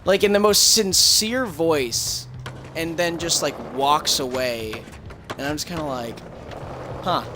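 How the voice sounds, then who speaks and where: A man's voice: on the high side, slow, noisy background. A young man chatting casually while streaming a game, telling a rambling story with frequent laughs and swearing. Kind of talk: casual gaming chat.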